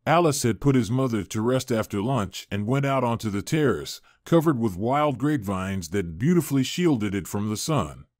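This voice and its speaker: Male storyteller, mid pitch, steady scripted narration, dry. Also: moderate pace, hardly any pauses, dry recording.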